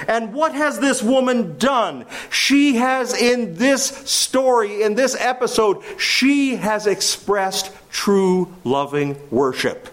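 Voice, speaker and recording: A male pastor preaching with a high voice. His delivery swings from hushed and low to raised and intense. He draws out key phrases slowly for weight. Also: big pitch swings. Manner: drawn-out emphasis on key phrases. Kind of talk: sermon.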